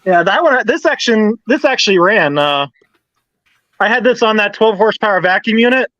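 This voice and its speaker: A man with a high-pitched voice walks steadily through a list of parts in a casual live-stream chat. His methodical delivery is captured dry and somewhat dull, as on a lo-fi setup, with little room sound. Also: lively intonation, moderate pace, bright, forceful tone, no echo. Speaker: host showing his small-engine collection. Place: home garage.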